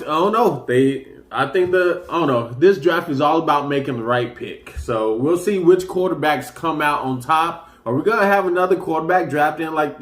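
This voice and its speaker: A man's voice: fairly high pitch, fairly bright tone, echoey room. A man hosting a casual sports talk show, rambling loosely and getting hyped as he runs through the news. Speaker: sports commentary host.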